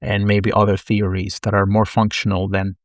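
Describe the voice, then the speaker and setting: A man's voice: lowish voice, little pitch movement, moderate pace, no echo, clean studio sound. A man teaching an online syntax lesson, explaining step by step with frequent self-corrections and wry asides. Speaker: linguistics lecturer.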